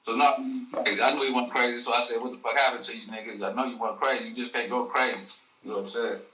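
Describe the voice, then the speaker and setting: A man's voice: medium pitch, steady tone, rapid-fire, pushed and bright. A man, a guest telling a story in casual slang, full of profanity and acted quotes. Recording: echoey room, a bit far from the mic.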